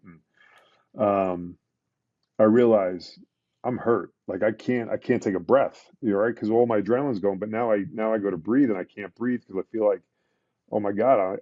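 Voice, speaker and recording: A middle-aged man, a retired police detective, telling a painful story in a casual podcast interview, with halting restarts and fillers. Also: on the low side, dark tone, dry recording, muffled recording. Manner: emotional, halting retelling with many restarts and fillers.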